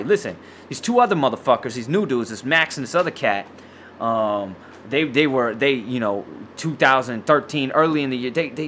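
A man hosting his own podcast, ranting loudly with lots of swearing and slang, stumbling over restarts, short of breath with a sore throat. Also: mid-range voice, slight background noise. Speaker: podcast host. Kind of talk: profane solo podcast rant.

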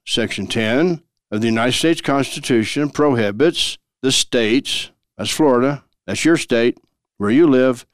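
Guy hosting a law show, chatty, lots of rhetorical questions, mid-pitched voice, dry close sound. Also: smooth, no echo. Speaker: host explaining law. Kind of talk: casual legal commentary.

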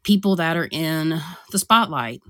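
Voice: mid-range voice, animated, measured pace, pushed and bright, dry recording, studio quality. A podcast co-host and spiritual practitioner explaining earnestly, often restarting sentences. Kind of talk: casual podcast discussion.

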